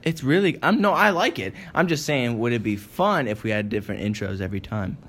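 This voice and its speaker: A man's voice: medium pitch, lively intonation, fairly quick, fairly bright tone. A young man co-hosting a casual podcast, rambling and laughing often. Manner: giggly, rambling, lots of laughing. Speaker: podcast co-host. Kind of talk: casual chat.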